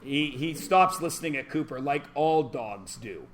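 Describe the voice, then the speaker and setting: A man's voice: a little high, animated, a little slow. A man teaching a math class, joking and punning, quizzing students with call-and-response. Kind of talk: classroom lecture.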